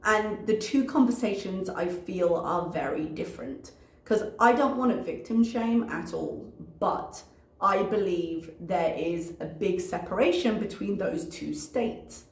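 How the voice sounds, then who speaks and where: A woman's voice: medium pitch, a little slow, echoey room. A woman commentator reacting to a video in a casual, analytical way, working through her notes with frequent ums.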